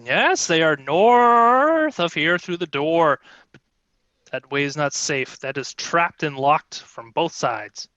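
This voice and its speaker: A man's voice: a little high, expressive, takes it slowly, sharp tone, no echo, lo-fi sound, heavily acted. A man voicing a small, haughty, short-tempered kobold queen who talks in an imperious, scolding way, over a video call. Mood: commanding.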